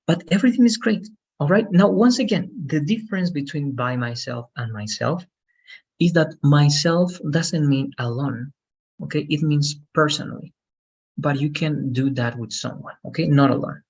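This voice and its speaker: A man's voice: on the high side, moderate pace, darkish tone, breathy edge, highs cut off. A man teaching English grammar one-on-one, explaining patiently and checking for understanding with frequent "okay?".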